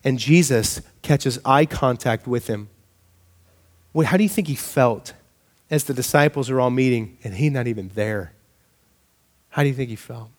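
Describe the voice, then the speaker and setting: A man preaching a sermon in a conversational, animated way, often asking the congregation rhetorical questions. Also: mid-range voice. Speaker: pastor.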